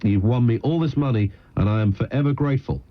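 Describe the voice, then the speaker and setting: A man's voice: mid-range voice, quick pace, natural voice. A man voicing an amazed male golfer in a joke, eager and wide-eyed, on a dull lo-fi radio broadcast.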